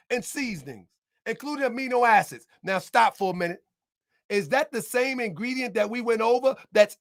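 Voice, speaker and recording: A man delivering a heated rebuttal monologue as an online commentator, combative and emphatic, repeating his points and bursting into shouts. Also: extremely high pitch, no room sound, clean studio sound.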